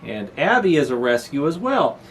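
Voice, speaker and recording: A man's voice: fairly high pitch, very animated, moderate pace, a little hiss or hum. A middle-aged man rambles through a casual home vlog, chuckling now and then. His voice rises and falls a lot. A faint room ambience sits underneath. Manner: rambling, chuckling, talks baby-talk to his dog. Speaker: channel host. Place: apartment room.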